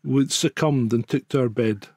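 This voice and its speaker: A Scottish man co-hosting a casual chat, an animated storyteller who swears freely and acts out other people. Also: medium pitch, moderate pace, no room sound. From Scotland. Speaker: podcast co-host.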